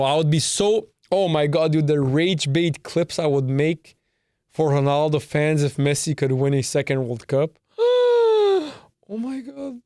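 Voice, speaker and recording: Young male podcast host, slightly high voice, brash and emphatic, dry close sound. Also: clean tone, dry recording. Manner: brash, emphatic, repeats himself, swears. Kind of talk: casual solo podcast rant.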